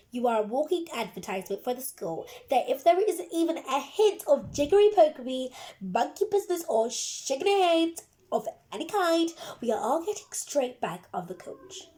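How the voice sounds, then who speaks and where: A woman's voice: sits high, very animated, normal speed, warm tone, voice pushed up. Woman putting on a bellowing strict schoolteacher. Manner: bellowing stern commands. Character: strict bossy female schoolteacher. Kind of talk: storybook reading.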